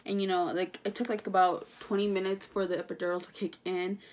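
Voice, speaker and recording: A woman's voice: mid-range voice, flat delivery, a little fast, a little hiss or hum. A young woman telling her own story in a casual storytime vlog, chatty and rambling, full of fillers, restarts and casual swearing. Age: young adult. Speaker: vlogger.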